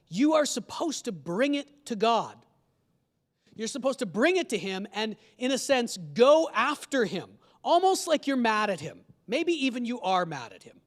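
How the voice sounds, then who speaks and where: A male pastor preaching a sermon in a conversational way, asking his congregation questions. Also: very high-pitched. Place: church sanctuary. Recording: long church hall reverb.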